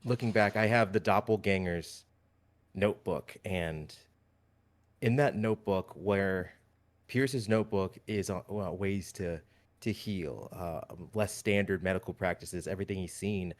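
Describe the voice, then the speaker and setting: Low-voiced man player, hesitant. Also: measured pace. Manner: relaxed, hesitant with many fillers. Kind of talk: tabletop game play.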